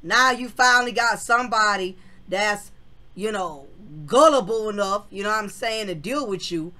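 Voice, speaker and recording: A woman hosting her channel, telling a personal story in a frank, slangy, animated way. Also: medium pitch, moderate pace. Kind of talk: casual storytelling vlog.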